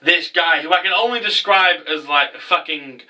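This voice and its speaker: A man's voice: fairly high pitch, normal speed, sharp tone, far from the mic, poor audio. Chatty, sweary man recapping. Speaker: anime episode reviewer. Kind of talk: casual episode recap.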